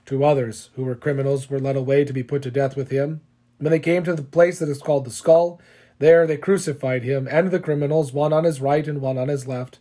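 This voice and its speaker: A man giving a steady, solemn liturgical scripture reading. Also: medium pitch, a little fast. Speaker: scripture reader.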